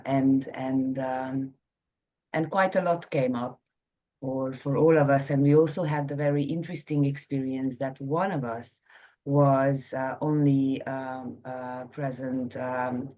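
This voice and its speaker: A woman in a coaching group, sharing her experience haltingly with many fillers. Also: very deep voice, flat delivery, mellow, dull audio. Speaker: coaching participant. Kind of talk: reflective sharing.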